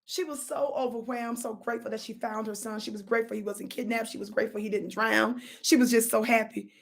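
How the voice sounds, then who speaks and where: A woman hosting a live stream, telling a story to viewers in an animated, preachy call-and-response style. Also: on the high side, a little fast, creaky. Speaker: livestream host. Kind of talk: casual livestream storytelling.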